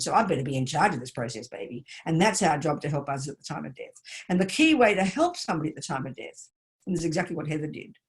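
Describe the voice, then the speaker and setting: A woman Buddhist nun giving an online teaching talk over a video call, emphatic and direct, speaking personally to her listeners. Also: on the low side.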